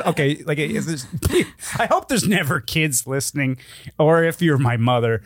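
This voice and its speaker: A man's voice: fairly high pitch, lively intonation, unhurried, no echo, clean studio sound. A man co-hosting a podcast, bantering crudely and reading chat messages aloud while laughing a lot. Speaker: podcast co-host. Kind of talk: casual chat.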